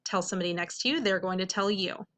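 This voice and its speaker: A woman reading teacher giving an upbeat video lesson to middle schoolers, often checking in with "okay?" and slowing down to sound out words. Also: mid-range voice, fairly bright tone. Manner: slows to sound out words carefully.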